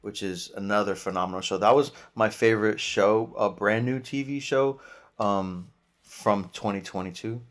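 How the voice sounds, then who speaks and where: A man with a lowish voice chats on a podcast. He rambles excitedly, restarting sentences often and dropping slang as he goes. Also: normal speed. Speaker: podcast panelist. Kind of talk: casual podcast chat.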